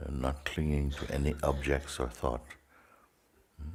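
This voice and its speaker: A man as a spiritual teacher leading a guided meditation in slow, sparse phrases with long pauses. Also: rumbling low, fairly even intonation, husky.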